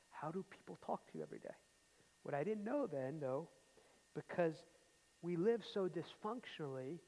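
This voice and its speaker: A man preaching a sermon with a slightly high voice, telling personal stories with force and then sinking to soft asides. His voice rings through a church sanctuary with a long reverb tail. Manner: emphatic storytelling, dropping to quiet asides.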